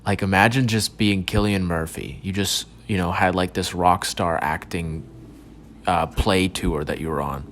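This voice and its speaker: Brief: young male podcaster, deep low voice, loose profane rambling monologue, frequent false starts. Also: steady tone, unhurried, fairly bright tone, slight background noise. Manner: rambling, profane, stumbling restarts. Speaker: podcast host. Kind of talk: casual solo podcast monologue.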